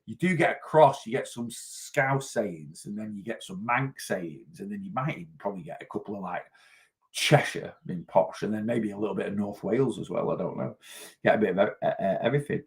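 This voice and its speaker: A man's voice: lowish voice, brisk, creaky. A man, a weight loss coach chatting casually on a livestream, rambling and answering viewer comments as he goes. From North West England.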